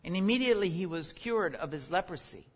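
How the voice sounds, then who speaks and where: High-voiced man teaching scripture in a reverberant space. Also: animated, fairly quick, breathy edge. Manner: earnest teaching, rises sharply when crying out quotes. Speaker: Bible teacher. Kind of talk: Bible study lesson.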